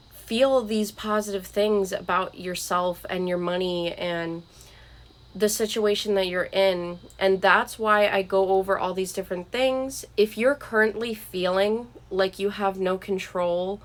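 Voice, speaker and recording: A young woman vlogger talking earnestly and encouragingly to camera about money habits, with frequent "like" and "um". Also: medium pitch. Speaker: vlogger giving money advice. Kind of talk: casual talk to camera.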